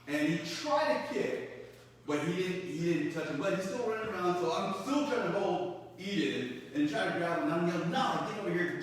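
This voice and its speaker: A man on a podcast telling a lively story in a casual, animated way. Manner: animated, acts out quotes in a loud high voice. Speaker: podcast co-host. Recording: echoey room, distant mic, faint noise.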